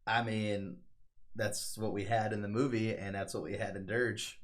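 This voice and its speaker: A man's voice: on the low side, fairly even intonation, moderate pace. A man chatting casually about a game story, enthusiastic and swearing freely. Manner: enthusiastic, profane, acts out quotes loudly. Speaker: co-host explaining the story. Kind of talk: casual chat.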